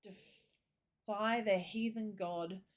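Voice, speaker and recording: A woman voicing a kindly male priest with a gentle, lilting way of speaking, reading game dialogue aloud. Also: mid-range voice, steady tone, extremely slow.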